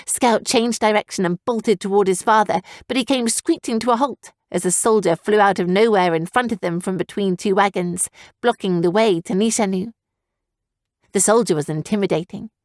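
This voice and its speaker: A woman's voice: medium pitch, moderate pace, no room sound, studio quality. Woman narrating a fantasy audiobook. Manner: steady storytelling. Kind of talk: scripted narration.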